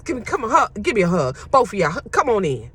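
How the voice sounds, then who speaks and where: A woman's voice: mid-range voice, sing-song, quick pace, a bit bright, breathy edge, pitched below the performer's own voice, heavily acted. A woman playing a coaxing male pastor. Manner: coaxing, preachy. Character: smooth-talking male pastor urging forgiveness.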